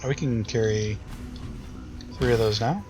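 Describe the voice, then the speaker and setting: A man's voice: on the low side, measured pace, over music. Rambling man playing a video game. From United States. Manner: rambling, thinking aloud, self-deprecating. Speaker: gaming YouTuber. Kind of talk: casual let's-play commentary.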